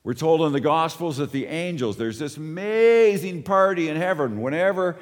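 A man preaching a sermon as pastor, swinging from lively emphasis down to soft, low, drawn-out lines. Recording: long hall reverb.

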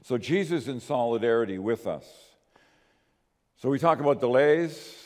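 A male pastor delivering a sermon, earnest and emphatic, swinging between raised stresses and quiet drops. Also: medium pitch, lively intonation, normal speed. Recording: long hall reverb.

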